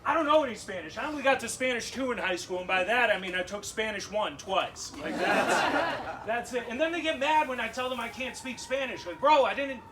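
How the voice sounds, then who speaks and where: A young man from Massachusetts doing a stand-up set in a comedy club, animated and punchy, with laughing asides. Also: very high-pitched, brisk, distant mic, very noisy.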